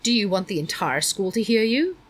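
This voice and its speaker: A stern, prying middle-aged school principal who lectures a pupil in a condescending tone, as a woman reading aloud puts him on. His voice sits at an ordinary middle pitch. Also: very animated, fairly quick, slightly rough. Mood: exasperated.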